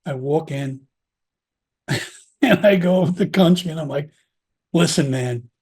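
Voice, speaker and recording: A middle-aged man tells his story in a blunt, swearing, animated way. His voice sits fairly high for a man but has a mellow, husky tone. He talks like a guest in a casual interview. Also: measured pace, long pauses. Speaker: podcast guest recounting his prison time.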